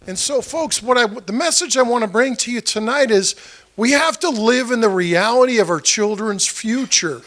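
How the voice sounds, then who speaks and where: High-voiced man giving a campaign speech. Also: expressive, normal speed, fairly bright tone. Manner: conversational storytelling, acting out quoted dialogue; addresses the audience directly with questions. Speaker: political candidate. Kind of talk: campaign speech to a small meeting. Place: meeting room with about 30 people.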